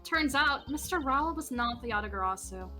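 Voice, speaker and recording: A woman's voice: high-pitched, lively intonation, brisk. A woman voicing a blunt, flippant defense lawyer in a fan voice-acted game playthrough, talking in a casual, offhand way with faint game music behind.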